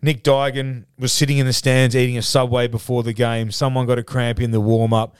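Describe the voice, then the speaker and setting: A man's voice: medium pitch, little pitch movement, a little fast, clear, resonant tone, dry recording. An Australian man in a casual podcast studio chat, telling a rambling, sweary story. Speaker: podcast co-host.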